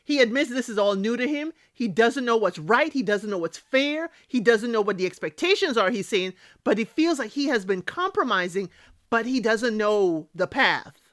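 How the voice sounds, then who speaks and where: A woman's voice: a little high, animated, normal speed, dry recording, clean studio sound. A woman hosting a casual recap of a reality TV show. She talks emphatically, scolds the people on the show directly and often tags her points with "okay?". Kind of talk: casual spoken recap and commentary.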